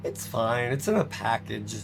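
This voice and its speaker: A man's voice: mid-range voice, animated, measured pace, vocal fry, slight background noise. A man streaming a game live, chatting casually in a rambling, self-mocking way and laughing often.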